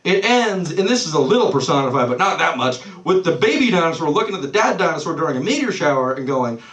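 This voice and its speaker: A man's voice: on the high side, very animated, quick pace, a bit bright. Roomy, distant stand-up comic, man. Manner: loose, swearing, loses his place and laughs it off. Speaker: stand-up comedian. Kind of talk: live stand-up set. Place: small comedy club stage. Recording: roomy club sound from off-mic.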